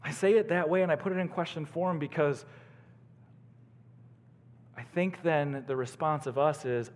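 A male pastor preaching a sermon in a church, earnestly, swinging between soaring emphasis and hushed lows. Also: normal speed, long pauses, big-room sound.

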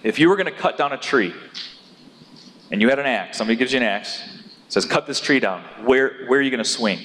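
A man preaching a sermon in an animated way, rising to loud, emphatic peaks as he drives his points home. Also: mid-range voice, quick pace, slight background noise. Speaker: pastor. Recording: long hall reverb.

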